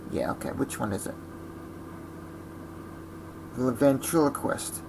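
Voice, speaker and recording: A man's voice: mid-range voice, normal speed, creaky, pauses often, noisy background. A man ranting in a blunt, scornful vlog monologue. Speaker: vlogger.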